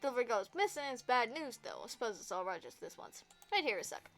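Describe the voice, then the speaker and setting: A woman doing a cautious frontier mail clerk who drawls as she talks herself into bending the rules. Her voice is fairly high and moves around a lot. She sounds like a character from a text game read aloud. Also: sing-song, fast talker, a bit bright, faint music behind. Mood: hesitant. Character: cautious small-town female mail clerk.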